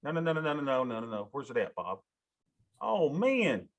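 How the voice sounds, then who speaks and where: A man's voice: medium pitch, sing-song, normal speed. A man, a financial advisor giving a rambling, emotional talk and calling his listeners y'all. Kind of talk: casual rambling monologue.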